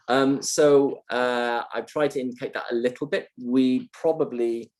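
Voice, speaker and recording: A man's voice: mid-range voice, steady tone, unhurried, a little mellow. A male university lecturer answering questions in a live online session, thoughtful and hesitant with many ums and uhs, speaking on a video call.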